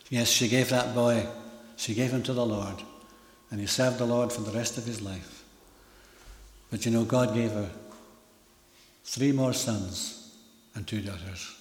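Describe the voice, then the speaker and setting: Older man, lay preacher, earnest and emphatic, ringing hall sound. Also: medium pitch. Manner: earnest, emphatic, with rising and falling loudness. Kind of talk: sermon. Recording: echoey hall.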